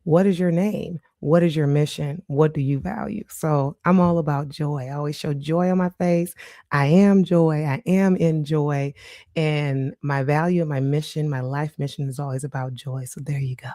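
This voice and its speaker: A middle-aged woman hosts her own podcast in a relaxed solo chat, laughing often as she goes. Her voice sits low and mellow. The recording is dry and close, with no room sound. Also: moderate pace, no echo. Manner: warm, chatty, laughs often. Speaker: podcast host. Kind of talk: casual solo podcast monologue.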